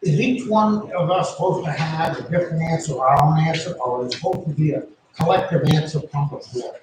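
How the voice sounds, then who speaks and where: Plainspoken male board member with a slightly high voice, recorded from across a reverberant room. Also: fairly quick. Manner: plainspoken, reads questions aloud then gives opinions. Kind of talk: casual meeting discussion. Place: town meeting room. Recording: very echoey room, distant mic, faint noise.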